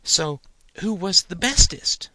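A man's voice: high-pitched, lively intonation, pushed and bright, dry recording, voice pushed up, full character voice. A man voicing a curious, earnest six-year-old boy who stumbles over his questions in an audiobook. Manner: eager, halting, full of questions.

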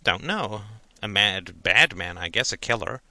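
A patient professor dad, musing and a little tired, who hesitates and trails off while he answers, read by a man. His tone stays low and bright-edged, and the sound is close and dry. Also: expressive, a little slow, dry recording, exaggerated voice. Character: patient, weary professor father.

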